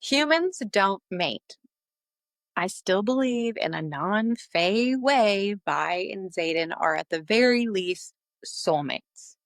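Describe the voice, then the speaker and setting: Sassy young woman co-host, gravelly fry in her voice, dry close mic. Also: medium pitch, expressive, slow pace, no echo. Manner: sassy, teasing, swears casually. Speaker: podcast co-host. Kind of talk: casual book discussion.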